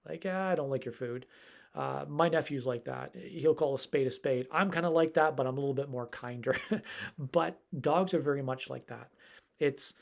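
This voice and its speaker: Man, dog trainer on a live stream, loose rambling delivery, a touch higher pitched than most. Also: gravelly, darkish tone. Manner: rambling, conversational, folksy. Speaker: dog trainer and behavior specialist.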